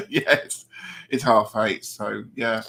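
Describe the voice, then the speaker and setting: A man's voice: on the low side, steady tone, drawn-out words, vocal fry, pushed and bright, a little hiss or hum. Chatty Southern English man hosting a live. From England. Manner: chatty, reads out comments, laughs often. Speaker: host. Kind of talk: casual live-stream chat.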